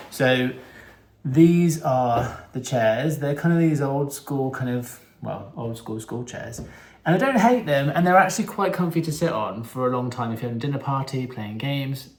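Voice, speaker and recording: A young man hosting a casual home vlog, playful and camp, breaking into sudden squeals of excitement. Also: mid-range voice, husky. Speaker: vlog host.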